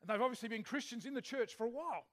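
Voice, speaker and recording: A male preacher with a notably high voice gives a relaxed, conversational sermon. He keeps turning questions back to his congregation as he tells a story. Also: racing. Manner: chatty, asks the congregation questions. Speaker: pastor.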